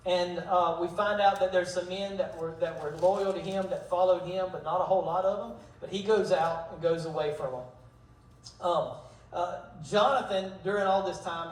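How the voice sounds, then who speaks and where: Male pastor, high voice, casual storytelling teacher, distant mic in an echoey church hall. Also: a little mellow. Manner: storytelling, retells scripture in modern slang, acts out dialogue. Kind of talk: casual Bible study teaching.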